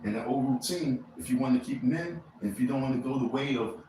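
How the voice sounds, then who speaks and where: A man's voice: mid-range voice, fast talker, warm tone. A man hosting a casual motivational live stream. He rambles through a loose, slangy pep talk. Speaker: livestreamer. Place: indoor room. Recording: echoey room with faint ambient noise.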